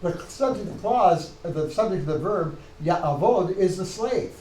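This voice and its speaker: A professor in a lecture hall explains his material with emphatic stress, often restarting his phrases mid-thought. His voice sits fairly high for a man. The room gives it a noticeable echo, with faint ambience underneath. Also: lively intonation, normal speed, a little mellow, slight background noise. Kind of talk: university lecture.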